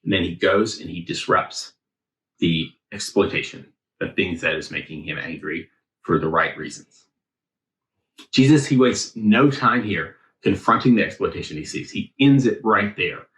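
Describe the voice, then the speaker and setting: Man, lowish voice, relaxed chatty sermon full of fillers, echoey church room. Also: moderate pace. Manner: loose, thinking aloud, heavy on filler words. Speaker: preacher. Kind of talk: casual conversational sermon. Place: church sanctuary.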